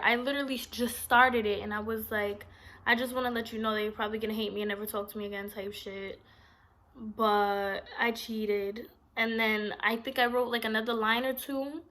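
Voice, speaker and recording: A woman's voice: fairly high pitch, pushed and bright. A woman, telling a long personal story in a blunt, rambling, profane storytime vlog. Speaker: vlogger.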